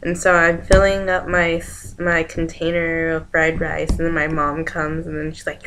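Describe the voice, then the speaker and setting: A young woman talks through a dream she had in a loose, rambling vlog style, stringing events together with "and then" and jumping into the voices of the people in it. Her voice sits a little low for a woman. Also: level tone, a little slow, a bit bright, a little hiss or hum. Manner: rambling, chains events with "and then", acts out quoted lines. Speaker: vlogger. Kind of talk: casual dream retelling.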